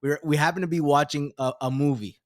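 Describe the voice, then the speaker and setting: A man's voice: on the high side, steady tone, fast, no room sound. Podcast host guy, chatty, trips over his words, dry room. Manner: chatty, stammers on restarts. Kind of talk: casual interview.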